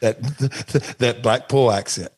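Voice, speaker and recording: An older man with a Southern accent, co-hosting a casual wrestling podcast, rambling and jokey in a gruff way. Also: mid-range voice, slow pace.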